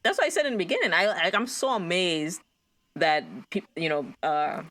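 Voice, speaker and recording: An American woman co-hosting a casual movie podcast, animated and acting out quoted lines. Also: normal speed. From United States. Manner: animated, acts out quotes with big pitch jumps. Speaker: podcast co-host.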